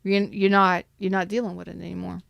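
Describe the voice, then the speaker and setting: Chatty low-voiced woman reading tarot. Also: flat delivery, fairly quick, gravelly, dry recording, studio quality. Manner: chatty, emphatic, greets viewers in chat. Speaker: tarot reader.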